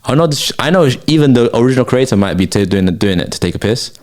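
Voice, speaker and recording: A man's voice: mid-range voice, expressive, fast, darkish tone. A young man, hosting a casual late-night chat podcast, ranting with plenty of slang and swearing. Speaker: podcast host.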